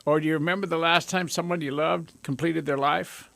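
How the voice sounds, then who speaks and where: A man hosting a radio talk show in a studio, talking with high energy and joking at his own expense. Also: fairly even intonation, brisk, vocal fry, a bit bright, no room sound. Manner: high-energy, jokey, self-amused. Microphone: studio microphone.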